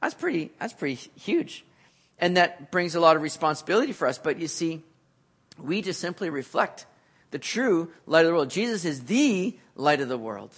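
A man preaching a sermon, earnest, building to emphatic peaks and then dropping back low. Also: big pitch swings, normal speed, breathy edge.

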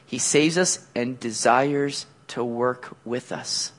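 A man preaching a sermon as pastor, animated, acting out quotes with loud, excited outbursts. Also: mid-range voice, slow.

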